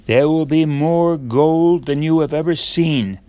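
A man reading aloud voices a sly evil magician disguised as a merchant, speaking smoothly and persuasively. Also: a little high, a little slow, warm tone, no echo, pitched above the performer's own voice, close to an everyday voice. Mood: coaxing.

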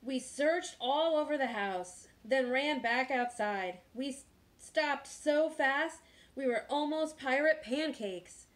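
A woman teacher reading a picture book aloud in a slow, expressive storytime manner. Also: sits high.

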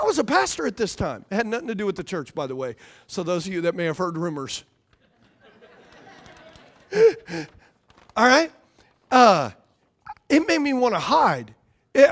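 A man pastor preaching a sermon in a conversational, animated way, often repeating his phrases. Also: very high-pitched.

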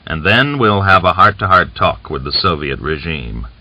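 A man's voice: low voice, lively intonation, normal speed, dry recording. A man reading aloud, voicing a scheming, boastful Cossack rebel leader who talks with coaxing, smug confidence, on a dull lo-fi recording.

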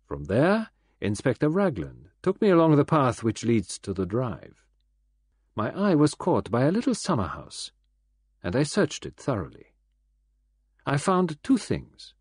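A man voicing a fussy, self-important male detective who speaks gravely and sternly, read for an audiobook. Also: medium pitch, a little mellow, dry recording, clean studio sound, voice pushed up, exaggerated voice.

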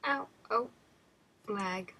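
A woman's voice: mid-range voice, extremely slow, creaky, noisy background. A young woman giving nervous, frightened commentary while playing a horror game, often dropping to a whisper. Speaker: gamer.

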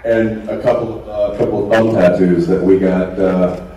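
A man's voice: on the low side, steady tone, moderate pace, mellow. A man, an actor guest on a convention panel, telling a rambling, laughing story on stage. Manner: laughing, rambling anecdote with acted-out quotes. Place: large convention hall. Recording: echoey hall from far off, noisy.

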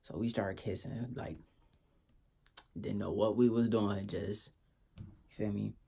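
A young man tells a storytime on his vlog in loose, slangy talk. His voice sits low and gravelly, with a husky edge, and he keeps checking in with his listeners as he goes. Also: steady tone, takes it slowly, warm tone. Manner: laid-back slangy storytelling, keeps asking "you feel me". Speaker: vlogger.

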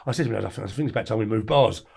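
A man in his forties from England, a podcast guest telling a story in a blunt, lively way and acting out the lines of others. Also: lowish voice, rapid-fire, creaky, husky. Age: 40s. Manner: blunt, animated storyteller who acts out quoted lines. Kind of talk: storytelling interview.

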